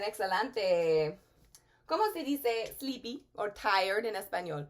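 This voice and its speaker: A woman teaching a virtual Spanish review to young children in a sing-song, animated teacher voice. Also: a little high, slow.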